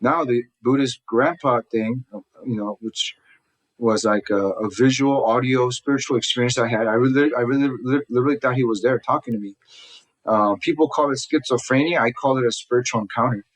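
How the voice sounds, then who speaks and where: A man sits for an interview and tells his story at a rush. He stumbles into restarts and slips into the voices of people he quotes. His pitch sits in the middle range. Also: low-quality recording. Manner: fast, earnest retelling full of restarts, acting out quotes. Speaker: guest telling his life story. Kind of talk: personal storytelling in a conversation. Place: lives in Southern California.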